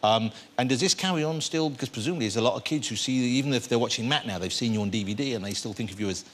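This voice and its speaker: A man hosting a chat show, asking quick, joking questions of his guest. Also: mid-range voice.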